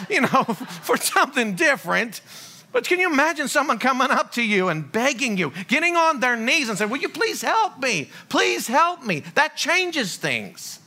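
A man's voice: high voice, bright, forceful tone. A man preaching a sermon as a pastor, full of rhetorical questions and folksy humor.

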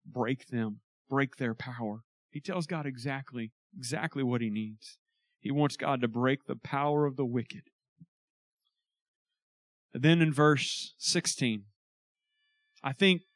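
A man preaching a conversational sermon, animated, with emphatic bursts. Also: medium pitch, no room sound, studio quality. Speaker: pastor.

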